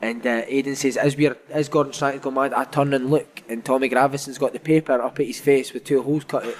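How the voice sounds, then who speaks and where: A man's voice: mid-range voice, steady tone, fast talker, noisy background. A man, a former footballer, telling funny football stories in casual chat, laughing often and calling people "mate". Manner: laughing, anecdotal, peppered with "mate". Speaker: podcast host and former footballer.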